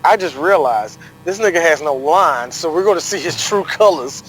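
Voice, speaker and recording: A man's voice: fairly high pitch, expressive, normal speed, fairly bright tone, a little hiss or hum, poor audio. A man co-hosting a casual sports podcast, joking, swearing and laughing often. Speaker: podcast co-host.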